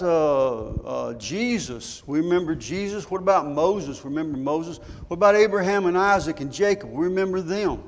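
An older man preaching a sermon, telling folksy stories and asking his congregation rhetorical questions. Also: on the high side. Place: church sanctuary. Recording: church hall reverb.

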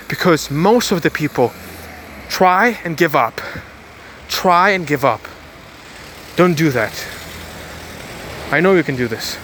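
A man's voice: on the high side, a bit bright, a little hiss or hum. A man giving an emphatic motivational monologue to his viewers, repeating phrases and often restarting his words. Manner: emphatic and repetitive, speaks straight to viewers. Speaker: motivational vlogger. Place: outdoors, about to board a bus.

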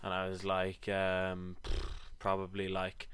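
Male podcast co-host, bright voice, rambling anecdotes, lots of laughter. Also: completely flat delivery, slow, clear, resonant tone. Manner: rambling storyteller, laughs often, voice drops low and quiet. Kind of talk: casual chat.

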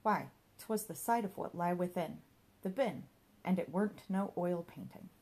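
A woman's voice: fairly low pitch, normal speed, dark tone. A woman narrating a comic novel in a wry storytelling manner. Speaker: audiobook narrator.

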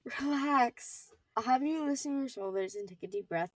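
A teenage girl voicing a brisk, cheerful young female medic who talks with a reassuring bedside manner. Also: high voice, no room sound, far from the mic, pitched above the performer's own voice. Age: teens.

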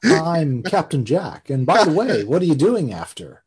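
Man doing a flirtatious male actor, raised pitch, slow drawl. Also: very animated, darkish tone. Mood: flirty.

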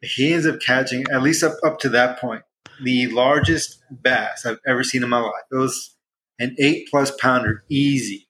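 Bright-voiced man telling a story. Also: medium pitch, moderate pace, slight background noise, poor audio. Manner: rambling storyteller with restarts, voices excited quotes. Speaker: podcast guest. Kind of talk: casual chat.

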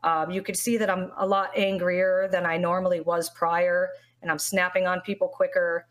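A young woman speaks with a slightly low voice, open and heartfelt, telling a long personal story as a streamer in an interview. Her talk wanders, with frequent restarts and fillers along the way. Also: flat delivery, normal speed. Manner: candid, heartfelt, rambling with many restarts.

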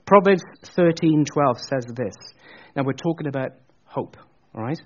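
A man preaching a sermon, telling a story in an animated, chatty way with jokey asides. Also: on the high side, a little slow, hardly any pauses, highs cut off.

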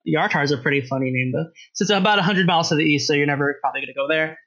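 A game master talking through a tabletop scene in a loose, rambling style, laughing often and correcting himself as he goes. The voice sits at a middling pitch. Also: racing, fairly bright tone, dull audio. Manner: rambling, laughs often, many fillers and restarts.

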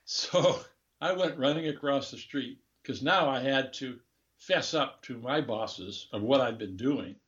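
A man's voice: mid-range voice, a little slow, fairly bright tone, dull audio. An older man, a former diplomat, telling a rambling, candid anecdote in a casual interview. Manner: candid, rambling anecdotes with chuckles and self-corrections.

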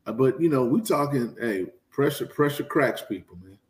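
A man's voice: mid-range voice, lively intonation, moderate pace. A man co-hosting a casual sports chat, emphatic and full of stammered restarts. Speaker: podcast co-host.

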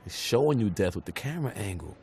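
A man chatting enthusiastically on a commentary track, casual and relaxed. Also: on the low side, quick pace.

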